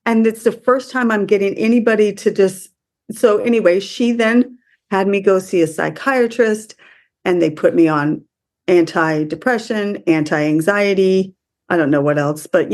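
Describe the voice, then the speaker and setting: A woman from the US speaking as a podcast guest, emotional and halting, often restarting her sentences. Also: mid-range voice, a little mellow. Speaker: interview guest. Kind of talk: conversational interview.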